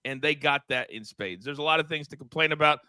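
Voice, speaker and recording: A man hosting a sports betting talk show, lively and quick to laugh. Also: a little high, clean tone, no room sound, studio quality. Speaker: show host.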